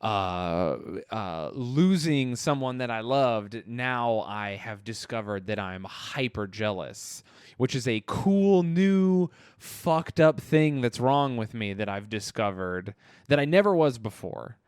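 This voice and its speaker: A man in his thirties co-hosting a podcast in casual chat, animated and quick to laugh, acting out quotes in a higher voice. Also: clear, resonant tone, dry recording, clean studio sound. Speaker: podcast co-host.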